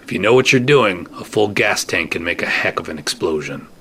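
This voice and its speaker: A man giving a first-person scripted narration of an audio drama, steady and dry, with terse asides. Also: low-pitched, fairly quick. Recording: noisy recording.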